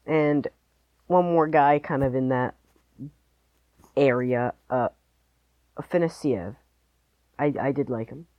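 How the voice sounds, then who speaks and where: A man's voice: mid-range voice, slow pace, pauses often, no echo, muffled recording. A man co-hosting a podcast, chatting casually about sports and hedging his picks with lots of "like"s. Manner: rambling, hedging, many "like"s. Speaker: podcast co-host.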